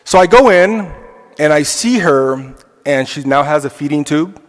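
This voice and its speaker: In a church hall with long reverb, a man with a slightly high voice and lively intonation teaches an adult class. He tells a personal story unhurriedly and reflectively, using casual fillers.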